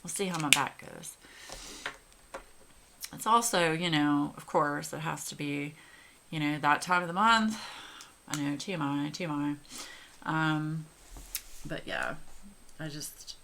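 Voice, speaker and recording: A woman's voice: sits low, takes it slowly, vocal fry, long pauses, sharp tone, slight background noise. A woman in her forties chatting casually and gushingly to her viewers while she colors. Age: 40s. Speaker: coloring channel host.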